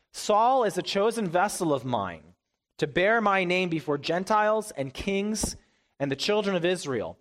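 Man preaching a conversational sermon. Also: sits high. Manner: conversational, animated storytelling with quoted voices. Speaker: pastor. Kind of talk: sermon storytelling.

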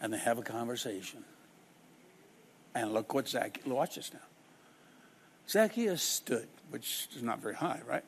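Animated preacher man with a lively voice. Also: mid-range voice, a little slow, pauses often, slight background noise. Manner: dramatic, acts out quoted people in shifting voices. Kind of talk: sermon.

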